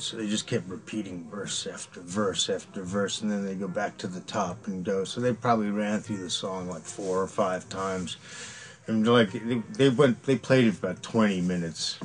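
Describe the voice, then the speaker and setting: Low-voiced man rambling through band stories. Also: fairly even intonation, moderate pace, slight background noise, rough recording. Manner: rambling, profane, laughs through anecdotes. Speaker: former band member interviewee. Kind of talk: casual storytelling interview.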